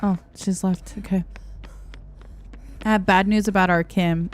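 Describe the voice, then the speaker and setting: A woman's voice: medium pitch, fairly even intonation, unhurried, pauses often. A young adult woman streaming a game, chatting casually, answering her chat and laughing often. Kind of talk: casual live-stream chat while gaming. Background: soft background music.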